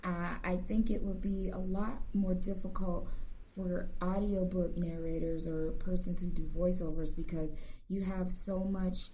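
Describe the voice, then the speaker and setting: A woman's voice: lowish voice, flat delivery, a little slow, warm tone, a little hiss or hum, poor audio. A woman hosting an interview, chatty and encouraging, with plenty of fillers. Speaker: host. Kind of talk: casual interview chat.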